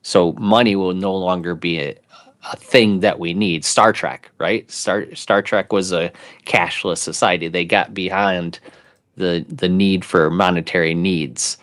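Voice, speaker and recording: A man's voice: sits low, steady tone, a little slow, a bit bright. A man co-hosting an investing show, chatting casually and rambling through his theories. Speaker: co-host. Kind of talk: casual chat.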